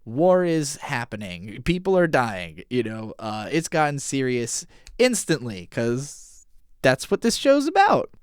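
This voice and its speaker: A man's voice: mid-range voice, very animated, smooth, dry recording, clean studio sound. A man hosting an anime podcast, casually recapping and analyzing an episode in a conversational, occasionally profane way. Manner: casual, profane, retells scenes with quick paraphrased dialogue.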